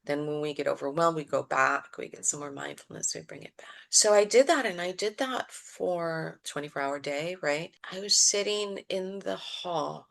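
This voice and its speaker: A woman who works as a mindfulness coach, telling a personal story in a podcast interview, expressive and reflective. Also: low voice, normal speed, gravelly, few pauses, poor audio.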